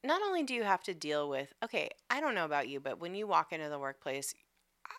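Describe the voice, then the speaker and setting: A woman's voice: low voice, very animated, fast talker, a bit bright, no echo, studio quality. A woman chatting casually as a podcast co-host, telling a work story full of swearing and filler words. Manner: profane, storytelling with lots of "like". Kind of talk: casual chat.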